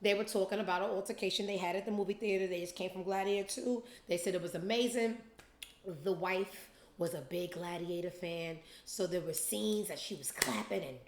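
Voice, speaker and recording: A woman's voice: lowish voice, a little fast, slight background noise. A young adult woman hosting a show, telling a profane story casually and acting out other people's lines in different voices. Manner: animated, profane, acts out quotes in different voices. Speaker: podcast host. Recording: roomy echo.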